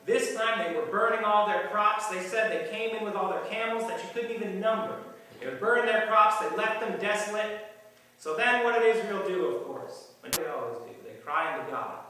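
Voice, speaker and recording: Man, sermon, high voice, folksy, asks the crowd questions, echoey hall, heard from afar. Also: normal speed, sharp tone, far from the mic, a little hiss or hum. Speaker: preacher.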